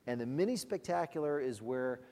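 A man's voice: medium pitch, lively intonation, dark tone, in a large hall. A man leading a ministry, telling testimony stories in a conversational way, with frequent restarts and laughter. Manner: conversational storytelling, halting restarts, laughs often. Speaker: ministry leader.

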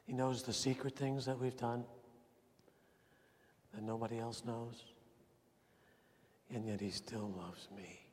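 Male pastor, sermon, slow deliberate delivery, big reverberant hall. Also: mid-range voice, fairly even intonation, a little hiss or hum. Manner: earnest preaching, rising emphasis then dropping to quiet intensity. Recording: long reverb of a large hall.

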